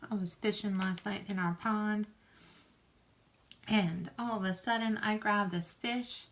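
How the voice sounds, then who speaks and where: A woman's voice: medium pitch, fairly even intonation, a little slow. A woman chatting casually in a rambling, self-deprecating and folksy way while doing her makeup on camera. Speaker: makeup vlogger. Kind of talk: casual get-ready-with-me chat.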